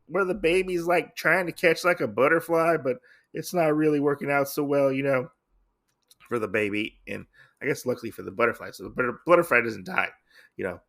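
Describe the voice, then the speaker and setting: Gravelly man recapping a comic. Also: fairly high pitch, a bit bright. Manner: rambling, heavy on fillers. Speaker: comic podcast host.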